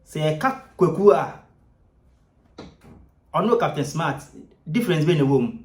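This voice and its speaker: A man gives lively, scornful commentary. His voice sits a little high, and the room around him is echoey. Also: a little slow.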